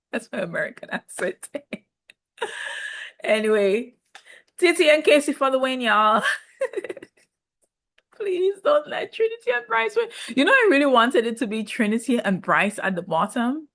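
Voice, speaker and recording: A woman's voice: high voice, very animated, measured pace, long pauses, fairly bright tone. A woman giving a chatty, gossipy recap of a reality show in casual talk, often laughing. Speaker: reality TV reviewer.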